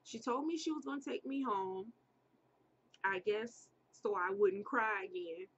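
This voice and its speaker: A woman's voice: medium pitch, unhurried, husky, lo-fi sound. A woman casually telling a personal story to viewers, chatty, repeating herself and speaking straight to her audience.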